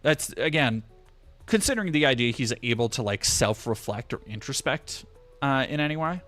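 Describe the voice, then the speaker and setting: A man's voice: medium pitch, expressive, normal speed, fairly bright tone, faint music behind. A man streaming a game and commenting in a sarcastic, ranting, profane tone.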